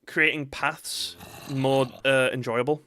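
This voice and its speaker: A man's voice: mid-range voice, steady tone, slow pace, pushed and bright. A man giving casual, self-mocking commentary while playing a game. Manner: chatty and self-mocking, laughs often. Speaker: gaming streamer.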